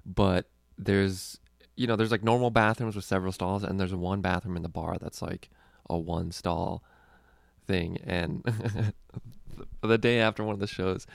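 Gravelly low-voiced man, rambling and profane. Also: steady tone, a little slow, no room sound, clean studio sound. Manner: rambling, profane, laughing often. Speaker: comedian and podcast host. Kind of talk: casual podcast chat.

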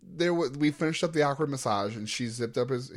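A man's voice: medium pitch, a little fast. A young man co-hosting a podcast, recapping events in casual chat with dry jokes. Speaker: podcast co-host.

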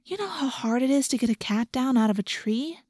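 A woman reading as a soft, doleful teenage girl. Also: fairly high pitch, normal speed, dry recording, studio quality, close to an everyday voice.

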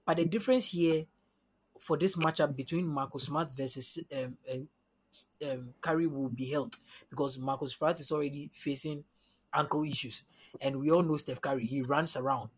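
A steady, normally paced male voice, on the high side with a breathy edge, talks basketball matchups as a guest analyst on a casual sports podcast. Methodically working through the numbers, he often checks in with "you understand?".

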